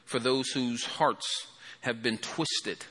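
A man preaching an impassioned sermon in a church hall, swelling loud then dropping to a hushed prayer. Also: medium pitch, steady tone, takes it slowly, husky. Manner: impassioned, rising and falling, calls for amen.

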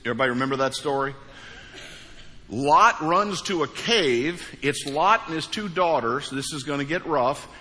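A man's voice: a little high, animated, normal speed, pushed and bright. A middle-aged male pastor preaching a sermon, with sudden rises and drops in his voice. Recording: reverberant hall.

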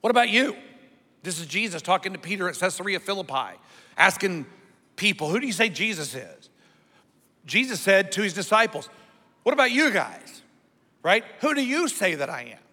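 A man's voice: high-pitched, big pitch swings, moderate pace, pauses often, bright, forceful tone, big-room sound. A male pastor preaching a sermon, using call-and-response and asking the congregation to repeat words after him.

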